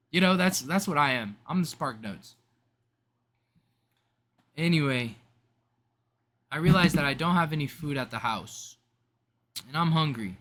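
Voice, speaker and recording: A young man with a bright, forceful voice sitting a touch high for a man, rambling straight to camera in a casual vlog. He talks in loose slang, restarts sentences and drifts from thought to thought. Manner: rambling, self-interrupting, slangy. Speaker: vlogger.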